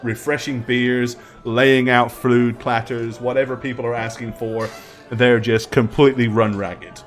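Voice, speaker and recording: A male dungeon master with a middle-pitched voice describes a tavern scene at an easy pace. He fills pauses with frequent ums as he builds up the details. Faint music plays in the background. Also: little pitch movement. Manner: descriptive, unhurried, many ums. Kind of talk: narrating a tabletop game.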